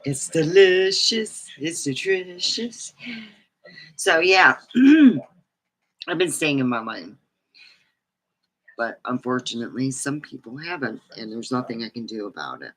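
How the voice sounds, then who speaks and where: A woman's voice: extremely low pitch, very animated, a little slow, pauses often, low-quality recording. A woman vlogger rambling in casual live-stream chat, with many fillers and asides.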